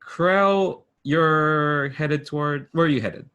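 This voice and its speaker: A man's voice: on the high side, slow pace, fairly bright tone, clear, resonant tone. A man narrating as game master, rambling with many fillers and restarts over a video call.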